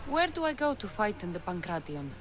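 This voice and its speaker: A woman's voice: mid-range voice, sing-song, brisk, over music, lightly acted. An actress playing a determined female Spartan warrior who speaks in a dry, blunt, matter-of-fact way in a video game.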